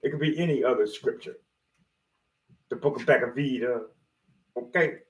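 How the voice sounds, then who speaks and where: Speaking at a moderate pace in a medium-pitched voice, a man hosts a motivational video, giving a meandering, preachy talk in slangy street style, sprinkled with casual jokes and swearing.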